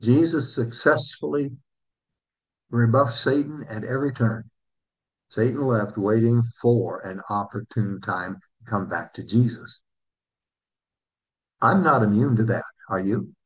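A male pastor delivering a sermon in a husky, slightly breathy voice. He speaks earnestly, asks his listeners questions, and slows down when reading scripture. The recording sounds dull and lo-fi. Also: lowish voice.

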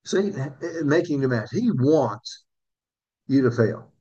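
A male pastor delivering a sermon in a husky, slightly breathy voice. He speaks earnestly, asks his listeners questions, and slows down when reading scripture. The recording sounds dull and lo-fi. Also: medium pitch, expressive, dark tone.

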